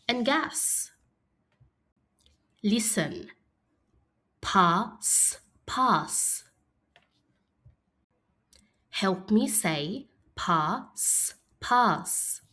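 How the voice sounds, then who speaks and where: A woman teaching an early-years phonics lesson, speaking slowly and clearly in an encouraging classroom manner. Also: medium pitch, fairly bright tone.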